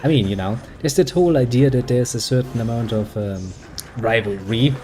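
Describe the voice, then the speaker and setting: A man's voice: mid-range voice, moderate pace, dark tone, faint music behind. Sarcastic German man rambling over gameplay. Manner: sarcastic, rambling, frequent swearing. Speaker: gaming streamer. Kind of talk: casual gameplay commentary.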